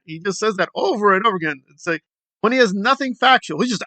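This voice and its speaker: A man's voice: high voice, expressive, fast, pushed and bright, no echo. A man hosting a commentary video, ranting in a sarcastic, exasperated way. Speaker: commentary channel host.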